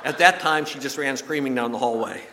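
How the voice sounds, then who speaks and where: A man's voice: mid-range voice, noisy background. Guy preaching a sermon, folksy joking stories, some stumbles, big church echo. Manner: folksy storytelling with jokes, some halting repeats. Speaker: pastor. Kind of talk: sermon with anecdotes. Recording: long reverb from a large hall.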